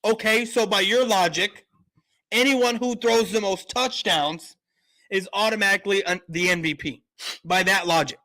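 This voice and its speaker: Bright-voiced man hosting a sports stream. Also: high voice, moderate pace. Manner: rambling, lots of fillers and restarts, argumentative. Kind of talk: casual live-stream chat.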